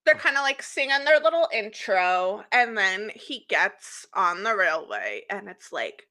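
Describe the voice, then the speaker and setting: A giggly woman co-host with a bright, sharp tone, talking about a movie in loose, playful chat. Her pitch swings widely as she gets excited, and she teases herself between laughs over a remote call. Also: unhurried, few pauses. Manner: giggly, playfully self-mocking. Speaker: podcast co-host.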